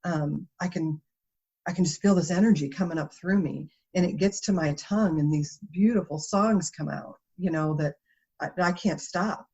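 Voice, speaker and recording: Female guest, animated storyteller, lower-pitched, lo-fi interview recording. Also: normal speed, breathy edge. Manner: animated storytelling, laughs often. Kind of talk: conversational interview. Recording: dull lo-fi interview audio.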